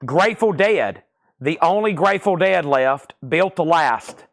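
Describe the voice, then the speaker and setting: Brisk man running a live record sale. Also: fairly high pitch, lively intonation, creaky, a little hiss or hum. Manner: brisk, businesslike listing of titles and prices. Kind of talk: live sales stream, calling items and buyers.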